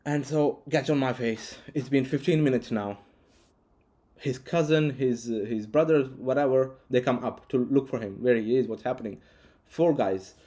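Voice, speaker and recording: A man's voice: mid-range voice, moderate pace, dark tone. Rambling man telling a story. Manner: rambling, frequent restarts and fillers. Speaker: vlogger. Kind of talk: casual storytelling to camera.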